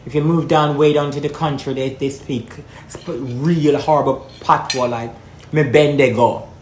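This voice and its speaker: A woman's voice: low voice, steady tone, normal speed, echoey room, a little hiss or hum. A woman from Jamaica with a Jamaican accent, talking frankly and rambling to her viewers in a casual vlog. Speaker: vlogger. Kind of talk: casual talk to camera.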